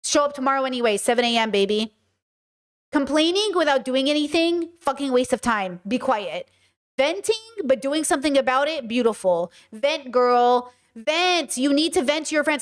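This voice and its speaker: Animated, high-voiced woman streamer. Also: normal speed. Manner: blunt, animated, swearing, acts out voices. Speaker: streamer hosting a live podcast. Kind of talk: casual live-stream chat.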